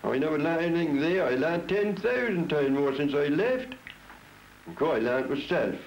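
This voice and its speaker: A man in his seventies from Norfolk, England, speaks with a Norfolk accent in a fairly high, expressive voice at a normal speed. A traditional folk singer, he reminisces plainly and bluntly during an interview at his home, often repeating himself. The recording is a dull, lo-fi 1962 home tape with hiss.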